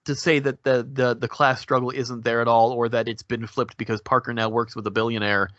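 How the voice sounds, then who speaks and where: A man's voice: medium pitch, flat delivery, a little fast, a bit bright, no room sound, dull audio. A man co-hosting a podcast, talking films in an enthusiastic, analytical way. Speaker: podcast co-host. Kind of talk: casual podcast discussion.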